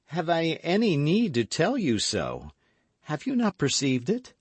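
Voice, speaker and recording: A man's voice: a little high, huge pitch swings, unhurried, breathy edge, no echo, pitched above the performer's own voice, full character voice. A man reading an audiobook, voicing a vindictive, scheming noblewoman in a coaxing, calculating manner.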